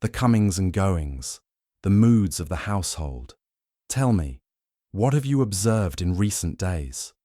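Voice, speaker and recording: A man's voice: low voice, animated, unhurried, dark tone, no room sound. Brief: a man playing a meticulous older sleuth, grave and probing, dry close sound. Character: fastidious older male Belgian detective.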